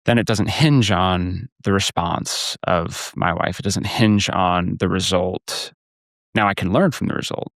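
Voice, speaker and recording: A man with a low-pitched voice hosts a podcast conversation. He talks earnestly and keeps checking in with "right?" as he makes a point. The recording is close and dry, with no room sound. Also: vocal fry, fairly bright tone, no room sound. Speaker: podcast host. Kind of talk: casual conversational interview.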